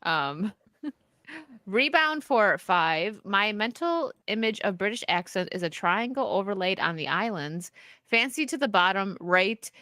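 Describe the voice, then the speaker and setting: A woman's voice: medium pitch, expressive, measured pace, bright, forceful tone, no echo. A woman co-hosting a live stream, giggling as she reads out donor messages. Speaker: stream co-host reading donations. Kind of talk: casual live-stream chat.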